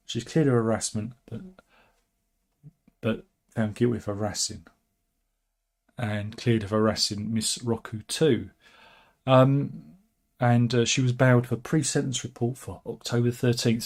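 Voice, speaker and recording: A man's voice: medium pitch, creaky. A man hosting a casual, satirical news commentary, wry and chatty with frequent asides. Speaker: host.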